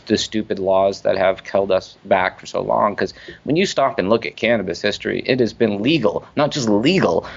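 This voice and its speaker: A man with a fairly low voice tells stories as a podcast guest, animated and emphatic, swearing casually. The recording is dull and lo-fi. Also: vocal fry. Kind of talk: casual storytelling interview. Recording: dull lo-fi audio.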